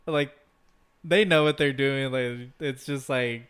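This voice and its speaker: A laid-back man chatting on a podcast who talks slowly and laughs a lot. His voice is smooth and clear, and his sentences drift off into fillers. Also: medium pitch, a bit bright. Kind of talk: casual chat.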